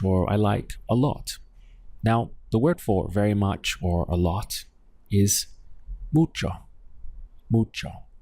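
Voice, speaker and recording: A man teaching a language lesson, patiently quizzing the listener and saying each word slowly for them to repeat. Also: on the low side, mellow, no room sound. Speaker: Spanish teacher. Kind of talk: slow, deliberate language lesson.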